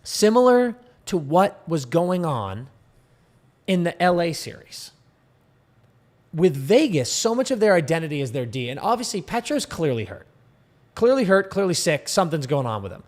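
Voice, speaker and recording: Higher-voiced hockey podcast co-host. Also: male voice, big pitch swings, moderate pace, darkish tone. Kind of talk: casual hockey chat.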